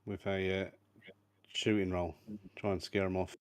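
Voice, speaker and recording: A man's voice: sits low, level tone, unhurried, clear, resonant tone, dry recording. A man playing in a tabletop game, chatting casually and trailing off as he thinks aloud. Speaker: player.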